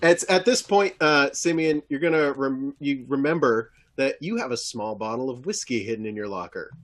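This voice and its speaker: A man narrating as game master of a tabletop role-playing game, relaxed, with many fillers. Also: mid-range voice, normal speed.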